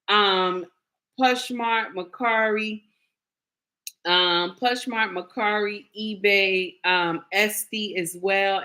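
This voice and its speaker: A woman's voice: medium pitch, pushed and bright. Chatty woman hosting a livestream. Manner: chatty, playful, talks to viewers by name. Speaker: livestream host. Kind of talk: casual livestream chat.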